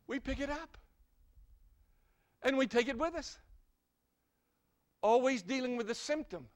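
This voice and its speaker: An older man from Ohio preaching a sermon as an evangelist. He is dramatic, asks one rhetorical question after another, and swings from loud emphasis to soft, low asides. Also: a little slow, pauses often.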